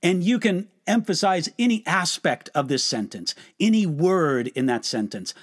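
A man delivers a short devotional sermon in a high, very lively voice. He speaks slowly and earnestly, stressing words and posing rhetorical questions. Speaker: pastor. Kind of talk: devotional teaching.

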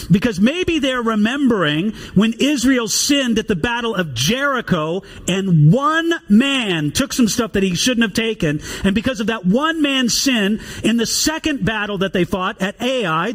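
High, lively preaching man. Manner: animated, conversational preaching with rhetorical questions; reads scripture aloud slowly and deliberately. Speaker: pastor. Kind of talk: expository sermon.

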